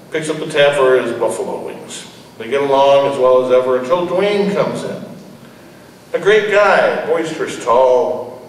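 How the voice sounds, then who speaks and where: A man reading his own fiction aloud at a live event, lifting his pitch for the characters' dialogue. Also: a little hiss or hum. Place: large ballroom. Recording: echoey hall from far off.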